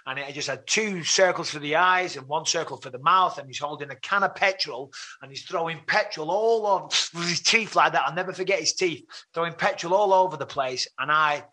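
A man's voice: a little high, fairly quick. A man with an English accent, a podcast guest telling a long story in casual chat and acting out his own remarks in a raised voice. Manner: animated, acts out his own quotes with rising voice.

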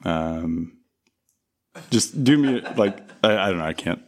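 Lively man, unsure of himself. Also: sits low, slow pace, crowd noise. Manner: hesitant, many fillers, laughing. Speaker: voice actor. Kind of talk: outtake chat between takes.

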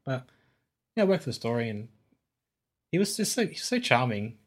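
A man's voice: medium pitch, sing-song, normal speed. Easygoing man chatting about a film. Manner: easygoing, conversational. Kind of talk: casual film review chat.

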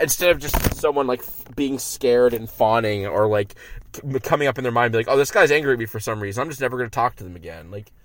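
A man hosts his own podcast from inside a car, rambling solo with plenty of stammered restarts and filler words. His voice sits mid-range with a fairly bright tone, and the recording is dry.

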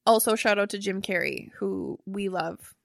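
A woman's voice: medium pitch, normal speed, creaky, no echo, clean studio sound. A young woman co-hosting a podcast in casual chat, chatty and casual, swearing freely.

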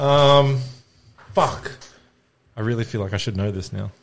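A man on a podcast panel who throws sardonic, deadpan jabs. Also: fairly low pitch, a little slow, vocal fry. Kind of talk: casual podcast banter. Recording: loud background noise.

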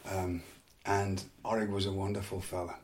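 A man's voice: low voice, normal speed. Middle-aged English man telling wrestling stories. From England. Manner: animated anecdotes, laughing, repeats words. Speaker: former wrestler, guest. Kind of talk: casual storytelling chat.

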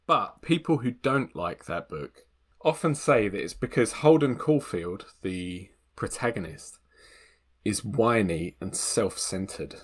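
A man's voice: lowish voice, lively intonation, measured pace, breathy edge. A man co-hosting a comedy advice podcast, giving blunt, lecturing advice in a chatty way. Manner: giggly, then blunt and preachy when giving advice. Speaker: podcast co-host. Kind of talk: casual comedic advice chat.

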